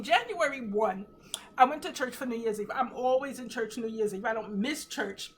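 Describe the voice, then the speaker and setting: A woman in her fifties giving an earnest, emotional testimony on a live stream from home, teary at times, with animated swings in pitch. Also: normal speed. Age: 50s. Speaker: host of a faith livestream. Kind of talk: casual live talk, testimony.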